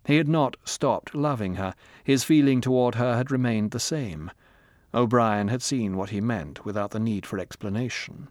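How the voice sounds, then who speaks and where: A man narrating an audiobook with measured, grave storytelling. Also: medium pitch, darkish tone, no echo, studio quality. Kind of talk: scripted narration.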